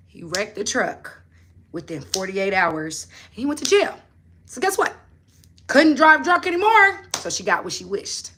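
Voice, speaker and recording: A woman hosts a relaxed motivational livestream. Her voice is bright and forward, and her delivery is animated and preachy. She keeps turning to her viewers with pointed questions. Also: mid-range voice, unhurried, pauses often, husky. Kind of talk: casual livestream talk.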